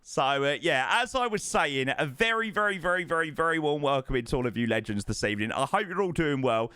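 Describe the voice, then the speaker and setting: A man live-streaming a flight sim, chatting excitedly and thanking subscribers, calling everyone mate. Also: on the high side, brisk, smooth, no room sound. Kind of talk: live stream chat while flying.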